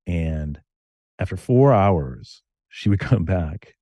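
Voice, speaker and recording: Middle-aged man, interview guest, animated storyteller, very low voice, dry close sound. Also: dry recording, muffled recording. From Connecticut. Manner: animated storytelling, quick bursts. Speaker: guest, screenwriter and novelist. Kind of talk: casual interview conversation.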